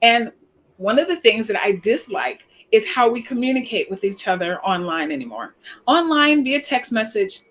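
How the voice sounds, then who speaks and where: A woman in her fifties talks to her online followers in an easy, chatty live-stream manner. Her voice sits a little high, and she tells her stories with animation, sprinkling in fillers and laughter. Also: normal speed, slight background noise. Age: 50s. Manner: animated storytelling, acts out quoted voices. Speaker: social media coach.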